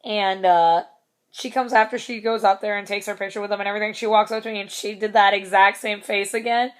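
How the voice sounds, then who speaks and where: A woman's voice: medium pitch, steady tone, a little fast, smooth. Young woman rambling through a story. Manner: rambling, swears casually, laughs between lines. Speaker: vlogger. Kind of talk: casual storytelling vlog.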